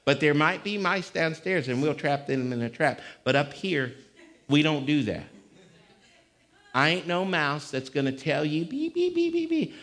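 A male pastor preaching a sermon, swinging between conversational talk and sudden shouts. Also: on the high side, a little slow. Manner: fiery, shouting bursts between conversational stretches. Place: church. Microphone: live-streamed service mic.

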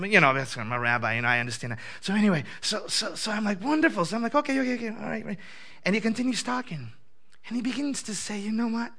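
A man, a messianic rabbi, telling a story in a lively, conversational sermon, often laughing as he talks. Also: sits high, fast.

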